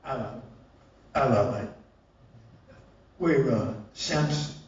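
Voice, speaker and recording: A man voicing an offhand young male rock musician who talks in a low, casual drawl. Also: takes it slowly, darkish tone, natural voice. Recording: distant echoey live hall, dull.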